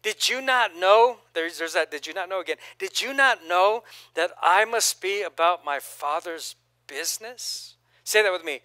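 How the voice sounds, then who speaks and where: High-voiced lively male pastor preaching. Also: normal speed, no echo. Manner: lively, preaching with call-and-response to the congregation; reads scripture aloud, then comments casually. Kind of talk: sermon.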